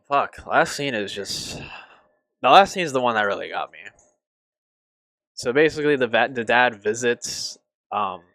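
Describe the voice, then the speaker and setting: A young man reviewing a TV show on his channel, emotional and halting, swearing often and restarting his sentences. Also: mid-range voice, sharp tone, dry recording. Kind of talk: casual review.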